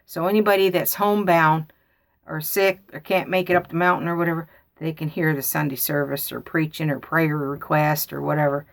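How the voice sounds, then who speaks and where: A woman's voice: low voice, fairly even intonation, fairly quick, creaky. A woman, telling a family story in a rambling, folksy way. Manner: rambling, folksy, repeats herself. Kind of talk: casual storytelling.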